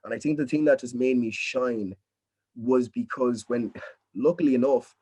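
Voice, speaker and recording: In a video-call interview, a young adult drama student from Nigeria chats casually but earnestly, encouraging the listener and often saying "you know what I mean". His husky, dark voice sits at medium pitch and moves at a normal speed.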